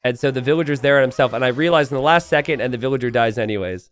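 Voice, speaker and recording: A man's voice: medium pitch, racing, clear, resonant tone. A young adult man giving casual, chatty commentary over a strategy game replay, telling the story with plenty of "uh" fillers.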